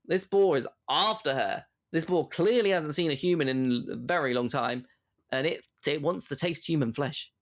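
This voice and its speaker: A man co-hosting a podcast, talking through a film in animated casual chat, full of fillers and laughs. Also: on the high side, moderate pace. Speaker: podcast co-host.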